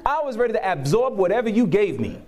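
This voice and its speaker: A man speaks fast in a high-pitched voice, preaching and telling stories from his life in a conversational testimony. He animatedly performs what people said and breaks into laughter frequently.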